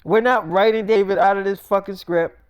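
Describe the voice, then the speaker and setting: Blunt, weary TV producer voiced by a man, high-pitched and smooth, profane and businesslike. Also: steady tone, fairly quick, natural voice. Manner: blunt, profane, matter-of-fact.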